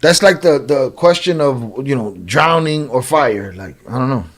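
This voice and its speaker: A man's voice: medium pitch, animated, moderate pace. A man giving casual, slangy reaction commentary on a video, joking and laughing as he talks. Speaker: reaction streamer.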